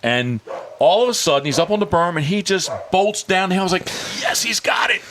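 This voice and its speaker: A man with a high-pitched, fast voice hosts a casual podcast, and he's also a dog handler. He tells a story animatedly, repeating words, restarting often and acting out other people's lines in hushed or shifted tones. A little hiss or hum is audible.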